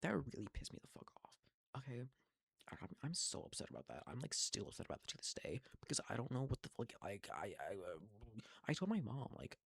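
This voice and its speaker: An eighteen-year-old man in a casual, profane, rambling monologue, full of halting restarts. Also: mid-range voice, very animated, gravelly, husky, dry recording. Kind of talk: casual venting monologue to camera.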